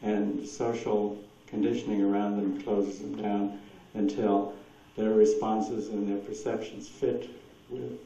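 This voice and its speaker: A man's voice: lowish voice, little pitch movement, takes it slowly, few pauses, warm tone, recorded from a distance. Rambling man in an echoey hall. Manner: rambling, chuckles often, acts out quoted voices. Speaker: speaker at a presentation. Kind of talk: anecdotal talk taking audience questions. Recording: dull echoey hall recording from afar.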